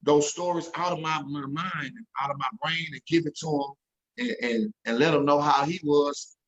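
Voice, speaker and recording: A man's voice: on the high side, steady tone, normal speed, a bit bright, highs cut off. A man telling an emotional story as an interview guest, earnest and repeating himself when moved.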